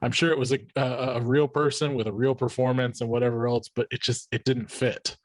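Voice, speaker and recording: A man's voice: medium pitch, level tone, a little fast, no room sound. A man hosting a podcast in casual chat, rambling with frequent restarts and fillers. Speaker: podcast host.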